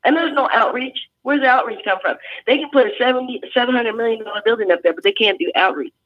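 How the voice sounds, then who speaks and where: A woman's voice: fairly high pitch, fast. Earnest woman veteran on a muffled line. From California. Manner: earnest, many restarts. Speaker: guest veteran. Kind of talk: phone-in talk show interview.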